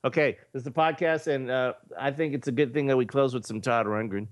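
A man's voice: medium pitch, a little fast, no room sound. A middle-aged man from the United States, a podcast host telling an anecdote in a casual chat and acting out the quoted dialogue. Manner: animated anecdote teller, acts out quoted dialogue.

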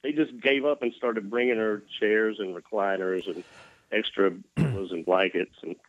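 A man's voice: on the low side, fairly even intonation, moderate pace, no echo, dull audio. A man from Mississippi, recovering from a near-death scare, telling his story with folksy self-deprecating humor as an interview guest. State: recovering from cardiac arrest.

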